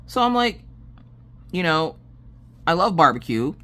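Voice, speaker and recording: A woman's voice: fairly low pitch, measured pace. A woman vlogger chatting casually about her day while working on a diamond painting craft. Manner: animated, lively storytelling with acted quotes and laughs.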